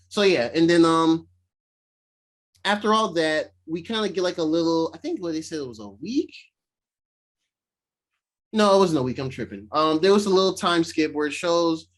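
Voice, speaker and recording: A man with a fairly high voice recaps an episode for his podcast co-host. He talks casually and acts out the characters' lines in quick, animated voices. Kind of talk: casual chat recapping a show.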